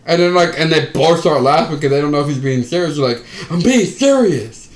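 Male podcast co-host, higher voice, rowdy and profane storyteller, echoey room. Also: quick pace. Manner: profane, animated storytelling, laughs through punchlines. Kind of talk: casual chat.

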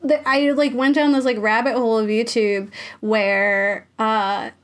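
A woman hosts a podcast in casual, chatty talk, often laughing and saying "like." Her voice sits a little high. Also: level tone, a little slow. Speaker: podcast host. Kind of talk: casual chat.

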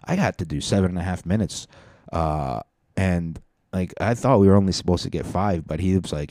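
A man's voice: deep voice, fairly quick, warm tone, no room sound, clean studio sound. A young man hosting a podcast, rambling through a profane, self-mocking comedic monologue. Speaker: podcast host.

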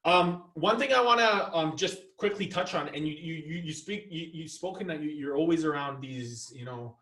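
Halting male host in an echoey room. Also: a little high, a bit bright, recorded from a distance, a little hiss or hum. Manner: halting, many fillers and restarts. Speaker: podcast host. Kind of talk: casual interview.

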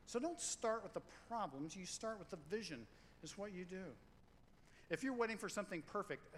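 Joking pastor preaching in a hall. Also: male voice, high-pitched, moderate pace. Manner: lively, joking, repeats lines for emphasis. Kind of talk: sermon. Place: church sanctuary. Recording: long hall reverb, faint room noise.

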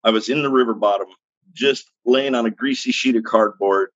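A man's voice: medium pitch, fairly quick, fairly bright tone, dry recording, highs cut off. A man in his fifties, a podcast guest, telling his own story in a blunt, frank, plainspoken way with casual slang. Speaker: podcast guest, recovery interventionist. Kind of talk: candid personal storytelling.

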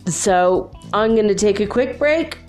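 A woman hosts a casual solo podcast at an unhurried, slow pace, talking straight to her listeners. She giggles often between her phrases. Faint music plays behind her. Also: medium pitch, animated, a little mellow. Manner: chatty, addresses listeners directly. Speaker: podcast host.

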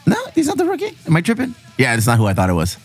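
A man's voice: a little high, huge pitch swings, racing, slightly rough, soft background music. A man in casual banter with a friend while opening baseball card packs, teasing him and reading out player names in a mock-announcer way. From Mexico.

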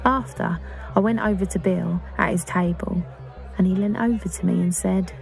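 A woman's voice: on the low side, fairly even intonation, normal speed, gravelly, faint music behind. An actress playing an earnest, awkward young woman in love. She speaks in a chatty, confiding, self-conscious English voice in a dramatic monologue. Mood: excited.

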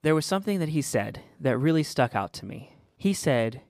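A man's voice: mid-range voice, very animated, normal speed, darkish tone, no room sound, clean studio sound. A man hosting a faith podcast for small business owners, telling stories in an earnest, encouraging way. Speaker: podcast host. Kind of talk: casual faith podcast chat.

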